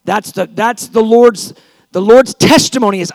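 Passionate high-voiced male preacher. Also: normal speed, vocal fry, dry recording. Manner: animated storytelling, acting out both sides of conversations; passionate, rising to shouts at high points. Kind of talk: sermon.

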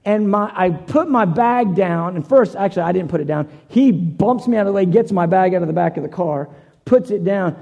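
A man's voice: high-pitched, expressive, fairly quick, vocal fry, dark tone, long reverb tail, dull audio. A man preaching a sermon, telling a personal story in an earnest way, often repeating and restarting phrases.

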